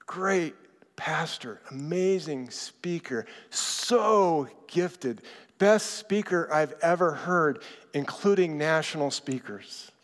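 A man preaching a sermon in a conversational, animated way, acting out the people in his stories. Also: on the high side, slow pace. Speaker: pastor. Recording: reverberant hall.

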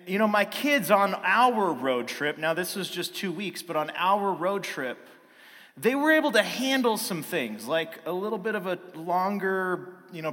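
A man's voice: on the high side, fairly bright tone. A man in his thirties preaching a sermon built around a family story, now and then acting out his children's voices. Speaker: pastor. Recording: long hall reverb.

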